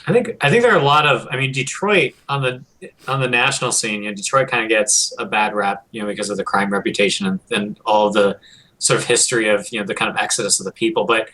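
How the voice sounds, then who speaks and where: A man's voice: on the low side, fast talker, sharp tone, rough recording. A man from Michigan chatting as a guest, rambling with lots of fillers. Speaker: guest commentator. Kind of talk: casual chat.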